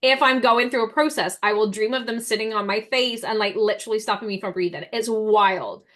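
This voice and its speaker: A woman in her thirties hosting a casual podcast chat, telling personal stories in an earnest, animated way. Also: fairly high pitch, fairly quick. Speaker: host.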